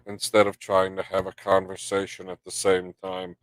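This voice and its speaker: A man's voice: deep voice, monotone, moderate pace, few pauses, no room sound. Stuffed-up man rambling on a dry stream. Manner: rambling, swearing, reading chat aloud. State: stuffed-up nose. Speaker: live stream host. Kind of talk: casual live stream chat.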